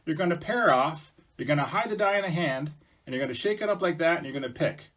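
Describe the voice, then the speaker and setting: A man's voice: fairly high pitch, fast talker, voice pushed up. A man doing a patient creator spirit. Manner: calm, explaining rules.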